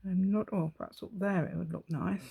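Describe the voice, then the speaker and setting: A woman's voice: lowish voice, steady tone, normal speed, creaky, slightly rough, phone-quality sound. A woman giving a chatty craft demonstration at home, rambling and talking to herself while she works.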